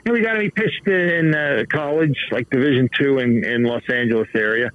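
A man in his fifties telling baseball stories as a guest in a casual interview, animated and laughing often. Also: mid-range voice, brisk, dry recording, dull audio. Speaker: author and baseball manager guest.

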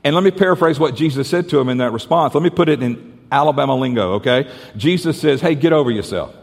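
A man preaching a sermon, earnest and repetitive, dropping to softer tones as he tells a parable. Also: mid-range voice, quick pace, vocal fry. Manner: earnest, repeats and restarts, drops to soft tones for the story. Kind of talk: sermon with storytelling. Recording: reverberant church hall.

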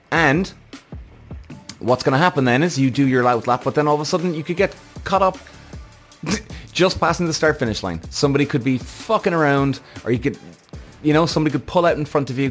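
A man hosting a motorsport reaction vlog, ranting in a heated, profane, exasperated way. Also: medium pitch. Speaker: F1 reaction show host.

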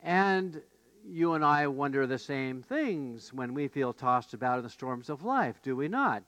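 A male pastor preaching a conversational sermon, with fillers and restarts, rising to animated outbursts when he voices the disciples. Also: medium pitch, a little slow, dry recording.

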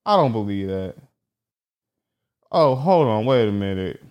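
A man talking alone in casual commentary, reading search results aloud haltingly and joking with lots of swearing. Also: fairly low pitch, very animated, lo-fi sound. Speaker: vlogger.

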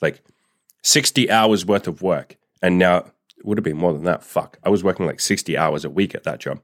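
A man's voice: low voice, normal speed, no room sound, studio quality. A man vlogger telling a personal story in a candid, profane way, full of "like" fillers. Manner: candid and profane, heavy use of "like". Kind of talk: casual storytime monologue.

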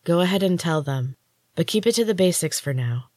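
A woman reading aloud, voicing a calm young woman who speaks evenly and reassuringly. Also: lowish voice, a little fast, no echo. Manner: even and reassuring. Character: calm, steady young woman, protective guide.

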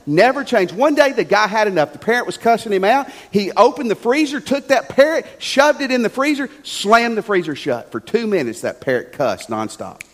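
A male pastor preaching a sermon with animated storytelling, swinging between loud and hushed. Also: sits high, normal speed, hardly any pauses. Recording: long church hall reverb.

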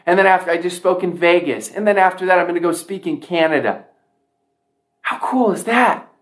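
A man's voice: sits high, a little fast, a bit bright. A man giving a motivational speech to a sales audience, emphatic, often repeating key lines for effect. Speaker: motivational speaker.

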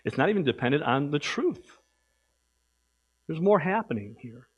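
A man preaching a sermon as pastor in a church, emphatic, swinging from loud exhortation to quiet asides. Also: on the high side, big pitch swings, normal speed, husky, highs cut off.

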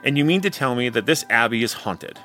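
A man's voice: medium pitch, animated, a little fast, sharp tone, soft background music. A man doing a sly, sneering stranger. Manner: sneering, skeptical. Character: sly, cruel traveling stranger.

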